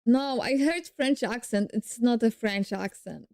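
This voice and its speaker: Young woman, streamer, amused, chatty, slow, high-pitched. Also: creaky, darkish tone, dry recording, clean studio sound. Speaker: streamer reacting to a video. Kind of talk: casual reaction chat.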